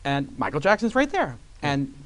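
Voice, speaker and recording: A man in his forties on a conference stage, telling an animated story and acting out other people's voices. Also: fairly high pitch, normal speed. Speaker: guest entrepreneur. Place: conference stage before an audience.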